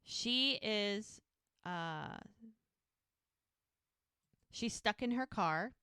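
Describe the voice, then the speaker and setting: A woman's voice: mid-range voice, lively intonation, very slow, sharp tone, clear, resonant tone, no room sound, clean studio sound. A woman co-hosting a podcast, casually recapping a TV episode and acting out the characters' lines as she retells scenes. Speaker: podcast co-host.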